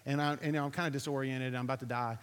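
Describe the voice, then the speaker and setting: A man preaching, telling a lively personal story to his audience, acting out what others said, then drawing a lesson from it. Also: medium pitch, fast talker. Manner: animated storytelling, acting out quotes, asking the audience. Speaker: pastor. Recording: reverberant hall recording.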